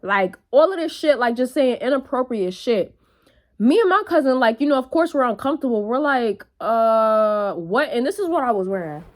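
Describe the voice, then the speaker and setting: Young woman vlogging, telling a wild story, swears a lot, kinda high voice, super animated. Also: fairly quick. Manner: animated, profane, storytelling with acted quotes. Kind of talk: casual storytelling vlog.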